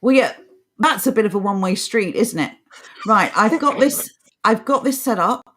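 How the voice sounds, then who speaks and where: A woman's voice: mid-range voice, lively intonation, normal speed, fairly bright tone, slight background noise. A woman co-hosting a live chat show, reading viewer comments in a chatty, laughing way. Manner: chatty, laughing, trailing off and restarting. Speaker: co-host of a live news-reaction show.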